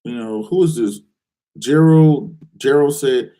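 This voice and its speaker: A man hosting a live investing call-in show, answering viewers' questions in a direct, challenging way with lots of rhetorical questions. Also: normal speed. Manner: animated, acts out excited investors in a higher voice.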